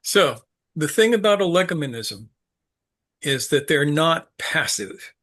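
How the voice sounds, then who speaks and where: A man giving an unscripted teaching talk, halting and full of fillers, with a dry sense of humor. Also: fairly high pitch, sing-song, fairly bright tone. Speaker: speaker leading a study group talk.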